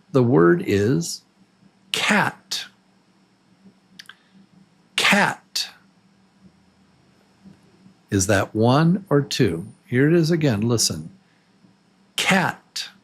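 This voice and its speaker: A man gives a beginner lesson on English pronunciation in Los Angeles, stretching each example word slowly and with exaggeration. He has a mid-range, husky voice that's a little mellow.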